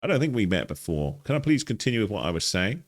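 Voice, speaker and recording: A man's voice: fairly low pitch, big pitch swings, fast. A man voicing an insecure adult male patient who feels he never belongs, reading game dialogue aloud. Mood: glum.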